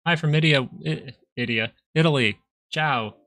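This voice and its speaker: A man's voice: on the high side, moderate pace, pushed and bright, no room sound. A young man hosting a live stock market stream, chatting casually and reading viewer comments aloud. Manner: chatty, rambling, reads chat aloud. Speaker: stock market livestream host.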